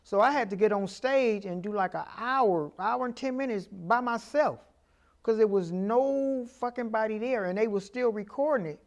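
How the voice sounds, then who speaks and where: A comedian in his fifties telling stories in a casual interview, lively and profane. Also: high-pitched, moderate pace. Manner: animated, profane storyteller. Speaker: comedian guest.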